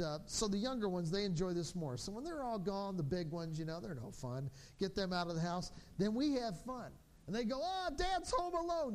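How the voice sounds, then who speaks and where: Brief: male pastor, 40s, high-pitched voice, animated storytelling preacher who drops soft and low for reflection. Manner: animated storytelling, acting out his children's voices. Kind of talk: sermon.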